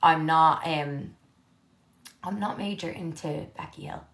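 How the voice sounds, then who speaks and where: A young woman chatting casually on a live stream from her living room, reading and answering viewer comments, candid and quick to swear. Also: low voice, fairly bright tone.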